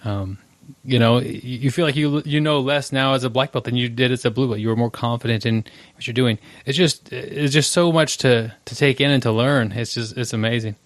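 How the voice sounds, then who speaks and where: A man's voice: medium pitch, fairly quick, no room sound. A man hosting a casual podcast interview, who affirms and sums up his guest's points. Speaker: podcast host.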